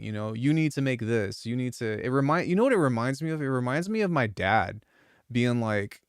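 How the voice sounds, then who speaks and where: A man's voice: medium pitch, lively intonation, normal speed, smooth, no echo, studio quality. A man who produces music, chatting casually on a live stream, rambling and swearing freely with lots of restarts. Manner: rambling, profane, frequent restarts.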